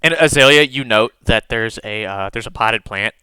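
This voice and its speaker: Running a tabletop session, this game master lays out scenes loosely and meanderingly, using plenty of filler words. He speaks at a moderate pace in a clear, resonant voice that sits on the low side.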